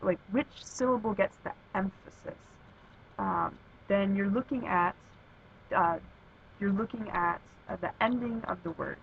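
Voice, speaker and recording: A woman explaining language lessons in a casual, hesitant way, with many pauses and fillers. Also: mid-range voice. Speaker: Spanish teacher. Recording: dull lo-fi sound with faint background noise.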